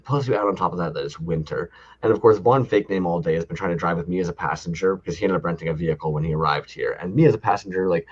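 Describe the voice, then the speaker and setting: A man's voice: sits low, husky. A man co-hosting a toy podcast, telling rambling, profane stories in a laid-back way. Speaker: podcast co-host. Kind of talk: casual toy-collector chat. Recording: dull lo-fi audio.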